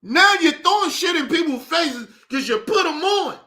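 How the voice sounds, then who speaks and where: A man's voice: extremely high pitch, animated, moderate pace, pushed and bright. A man streaming his reaction to a clip, ranting in incredulous, profane commentary.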